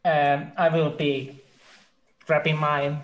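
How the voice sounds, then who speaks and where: A player in a casual tabletop game who speaks haltingly, with pauses. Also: mid-range voice, level tone, highs cut off. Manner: very slow, halting speech. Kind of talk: casual chat at a gaming table.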